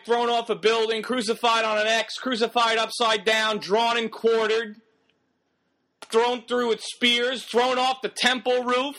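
A man's voice: very high voice, pushed and bright. A man preaching a sermon in an emphatic, exhorting way, firing rhetorical questions at the congregation.

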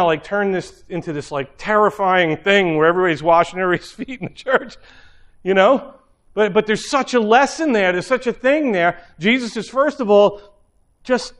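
A man's voice: high-pitched, a bit bright. A man giving an informal sermon, telling stories in a rambling, conversational way with many fillers.

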